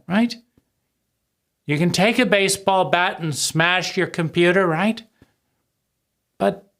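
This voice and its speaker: A man's voice: on the high side, fairly bright tone. A man speaking in a raw, intense personal monologue, often swearing and asking "right?" after his points. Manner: occasional swearing. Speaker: video essayist.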